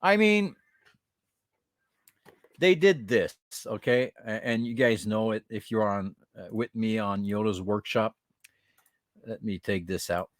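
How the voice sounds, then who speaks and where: A man hosting a casual toy podcast, teasing each figure and breaking into giggles. His pitch swings widely while he keeps an unhurried pace. The sound is dry and close, and he drops into French here and there. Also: dry recording. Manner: mocking, giggles between remarks; switches into French at times. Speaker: podcast host. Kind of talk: casual toy collection chat.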